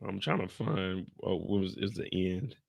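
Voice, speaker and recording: A young man from the Bay Area hosting a casual TV recap show, animated and profane, often acting out scenes. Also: low voice, normal speed, vocal fry. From San Francisco Bay Area. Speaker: show host.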